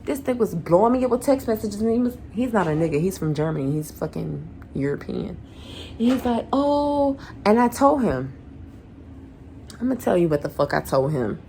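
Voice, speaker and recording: Gravelly, profane woman ranting a storytime. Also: fairly low pitch, fairly quick, slight background noise. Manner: animated, profanity-laced, acts out quoted dialogue. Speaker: vlogger.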